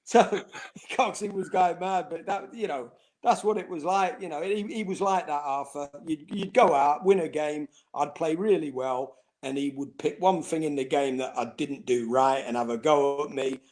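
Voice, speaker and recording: A man's voice: a little high, normal speed, hardly any pauses. Man telling football stories, laughing. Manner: animated anecdotes, laughs while telling them, acts out quoted voices. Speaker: former footballer interviewee. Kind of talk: casual storytelling interview.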